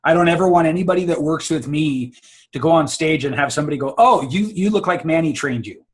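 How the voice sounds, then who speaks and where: A man's voice: on the high side, quick pace. A man coaching public speaking on a video call, confident and emphatic, often repeating words as he restarts. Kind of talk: casual advice on a video call.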